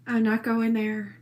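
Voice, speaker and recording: A woman ranting into her own video in a brash, profane, defiant way. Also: a little high. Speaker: social media poster. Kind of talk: rambling self-recorded video rant.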